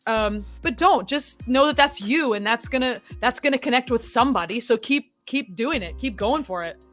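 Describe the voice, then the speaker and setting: Young woman voice actress, podcast guest, bright and slightly high, animated and laughing, faint music behind. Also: normal speed. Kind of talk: casual podcast interview.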